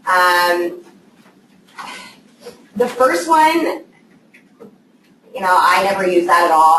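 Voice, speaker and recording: With a fairly low, somewhat bright voice, a woman gives a casual training talk to real estate assistants gathered live. She often pauses to ask "okay?", sounding distant in an echoey space with faint noise.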